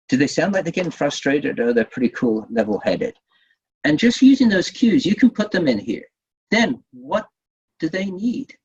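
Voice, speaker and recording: A man leads an online workshop, his voice husky and lively, rising and falling as he explains. He often restarts phrases and tags on a quick "right?". The sound is dull and lo-fi, like a webinar recording. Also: mid-range voice. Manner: lively, repeats himself, asks the audience "right?". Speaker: workshop trainer. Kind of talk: webinar teaching.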